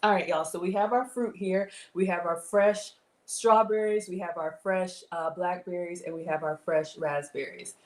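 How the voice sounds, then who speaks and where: In her home kitchen, a middle-aged woman hosts a live cooking stream, chatting casually with viewers and reading their comments aloud. Her voice is lowish and a little mellow, with a steady tone and moderate pace, and the room sounds reverberant.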